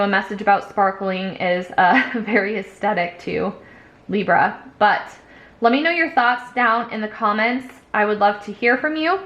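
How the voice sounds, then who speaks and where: This young tarot reader, recorded in an echoey room, talks casually in a rambling, upbeat way packed with fillers. Her voice is mid-range and fairly bright.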